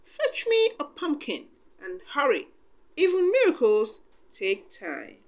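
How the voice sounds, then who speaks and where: Kind, high-voiced old fairy godmother, read by a woman for a storybook; slow and gentle. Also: wildly swooping pitch, muffled recording, exaggerated voice. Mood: kindly. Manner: gentle, warmly commanding. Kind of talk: storybook reading.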